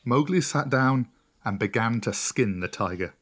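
A man's voice: medium pitch, moderate pace. Man reading a storybook aloud. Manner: steady, clear storytelling. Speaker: narrator.

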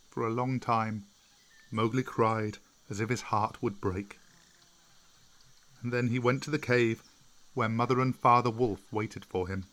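A man narrating a storybook in an expressive reading voice. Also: mid-range voice, unhurried, pauses often.

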